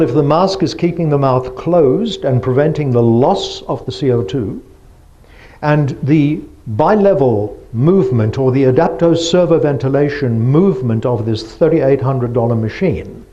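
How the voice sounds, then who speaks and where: A man's voice: medium pitch, expressive, a little slow, darkish tone, muffled recording. A man giving a lecture presentation, explaining step by step and asking the audience rhetorical questions.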